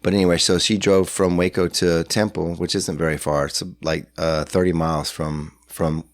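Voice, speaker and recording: A man's voice: low voice, flat delivery, normal speed, dry recording. A middle-aged man telling a long story in casual chat, rambling with fillers and acting out what people said. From San Antonio, Texas. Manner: rambling, lots of fillers and restarts, acts out dialogue. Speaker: podcast guest. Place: hotel room.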